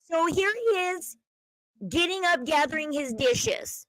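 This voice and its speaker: A woman talking casually as host of a commentary channel, chatty and speculative, dropping to a low murmur when she quotes people. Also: expressive, measured pace, fairly bright tone, no room sound, low-quality recording. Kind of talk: casual commentary over a video clip.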